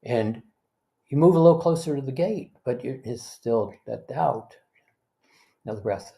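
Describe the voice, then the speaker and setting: Male spiritual teacher, mellow mid voice, gentle guided-meditation delivery, loose and conversational. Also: mid-range voice, creaky. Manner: gentle, unhurried, leads listeners through breaths.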